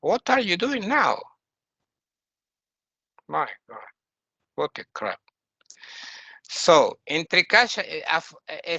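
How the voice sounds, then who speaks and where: Guy teaching a lecture, kinda high voice, slow, checks in with the class a lot. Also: pushed and bright, no room sound. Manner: unhurried, explains terms, asks listeners questions. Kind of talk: spiritual lecture.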